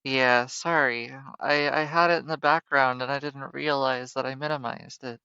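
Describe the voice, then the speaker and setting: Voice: medium pitch, fairly even intonation, moderate pace, sharp tone, clear, resonant tone, no room sound, dull audio. A streamer chatting casually during a live stream in an apologetic, laughing way.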